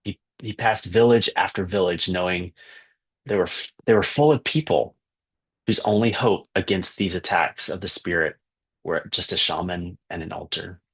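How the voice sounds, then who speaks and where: Low husky-voiced man telling a story. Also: moderate pace. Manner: earnest, with fillers and restarts. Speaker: missionary teacher. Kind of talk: spoken fundraising story.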